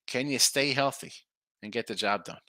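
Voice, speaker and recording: A man's voice: medium pitch, moderate pace, sharp tone, dry recording. A middle-aged man hosting a live sports betting stream, rambling casually and reading viewer comments aloud. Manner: rambling, chatty, reads viewer chat aloud. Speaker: sports betting show host.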